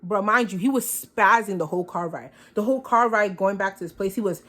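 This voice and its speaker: A young woman telling a casual storytime to her vlog audience, animated and expressive, often acting out what was said. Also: medium pitch, fairly quick. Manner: animated, expressive, quotes herself and others. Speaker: vlogger. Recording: phone with faint background noise.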